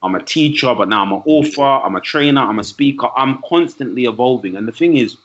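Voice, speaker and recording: This podcast guest, a man who teaches and trains, talks casually and structures his points with lists and digressions. He sounds expressive and fairly quick in a mid-range voice, though the lo-fi recording is dull.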